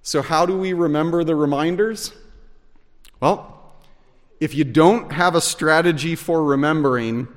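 A man preaching a sermon as pastor, earnest and measured, sometimes rising to shouts to stress a point. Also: a little high. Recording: long reverb of a large hall.

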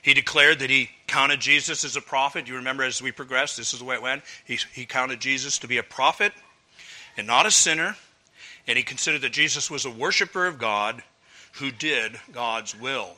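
Male preacher, bright forceful tone, earnest teacher, poses rhetorical questions. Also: medium pitch, brisk. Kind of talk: expository sermon.

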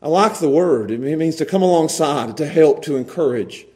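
A man preaching to his congregation in a noticeably high voice. He is emphatic and stumbles over repeated words as he urges his listeners. His quoted voices climb even higher. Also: normal speed. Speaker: pastor. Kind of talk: sermon.

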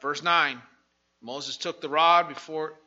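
Animated preaching pastor, high bright voice. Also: male voice, slow pace, highs cut off. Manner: animated preaching, swings from soft asides to shouting. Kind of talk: sermon.

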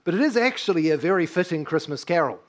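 A man's voice: fairly high pitch, animated, fast. A man in his thirties preaching a sermon, earnest and emphatic, often asking his listeners rhetorical questions. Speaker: pastor.

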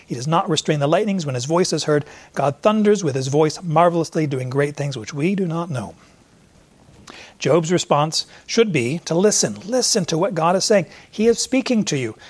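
A middle-aged man preaching a sermon, lively and acting out the voices he quotes. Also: a little high. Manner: animated, acts out voices in quotes. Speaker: pastor.

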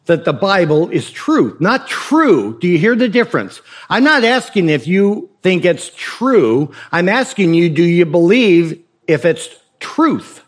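Male pastor with a slightly high voice, preaching casually with questions and jokes. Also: big pitch swings, a little slow, hardly any pauses. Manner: conversational preaching with rhetorical questions and humor. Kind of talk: sermon.

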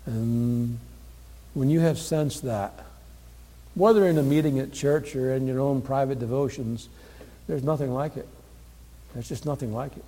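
Male preacher, mid-pitched, earnest sermon delivery with swings from quiet to loud, echoing sanctuary sound. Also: a little slow, long pauses. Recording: long hall reverb.

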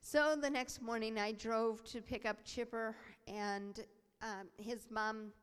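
A woman voicing a sermon as interpreter, telling a story with animated acted-out voices. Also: on the high side, slow pace, smooth. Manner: animated, acts out quoted voices. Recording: long hall reverb.

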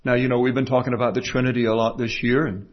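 A man preaching a sermon to his congregation, emphatic, moving from quiet, low passages to raised ones. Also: flat delivery, fast. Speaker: pastor. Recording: dull lo-fi sound.

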